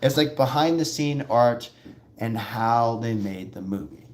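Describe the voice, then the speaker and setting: A man hosting a casual video, rambling and repeating himself as he shows props and comments excitedly to his viewers. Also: medium pitch, unhurried. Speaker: video host.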